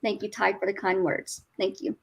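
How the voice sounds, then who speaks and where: A woman on a video call giving a rambling, halting spoken tribute to her late husband, her words often trailing off softly. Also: medium pitch, level tone, vocal fry, husky, dull audio. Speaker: widow sharing memories at a memorial.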